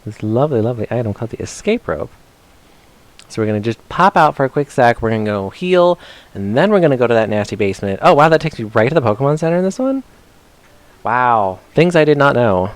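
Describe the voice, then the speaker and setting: A man talks through a retro game on stream in a loose, chatty way, joking at his own expense and talking to the characters as he plays. His voice sits at an ordinary middle pitch. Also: lively intonation, quick pace, no echo. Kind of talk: casual let's-play commentary.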